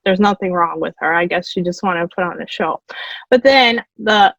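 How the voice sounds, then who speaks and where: A woman's voice: on the low side, normal speed, gravelly, fairly bright tone, dry recording. A woman from Canada co-hosting a podcast, telling stories in casual chat and laughing often as she goes. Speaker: podcast co-host. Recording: slightly dull lo-fi mic.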